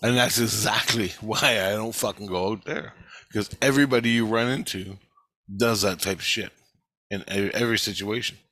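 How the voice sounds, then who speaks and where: A man's voice: fairly low pitch, moderate pace, pushed and bright, dry recording. A man telling a story in an angry, rambling monologue, swearing often and repeating himself. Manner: profane, agitated, repeats himself.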